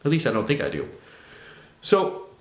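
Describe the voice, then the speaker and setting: A man talking through a personal testimony in a conversational, animated storytelling way. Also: medium pitch, moderate pace, roomy sound. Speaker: vlogger sharing his testimony.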